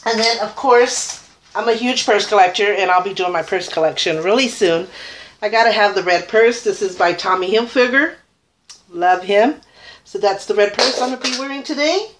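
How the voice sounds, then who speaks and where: A woman's voice: medium pitch, moderate pace, slight background noise. A woman chatting casually through a makeup tutorial, rambling and enthusiastic about her products. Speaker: beauty vlogger.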